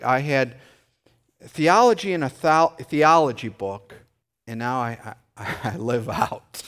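Man preaching a conversational sermon. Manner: conversational preaching, jumps into high excited voices for anecdotes. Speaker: pastor.

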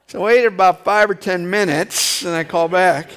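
A middle-aged man preaching a sermon as pastor, telling a story in a lively way and acting out the voices in it. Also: normal speed, hardly any pauses, clear, resonant tone. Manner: animated storytelling, rising to excited high-pitched re-enactments.

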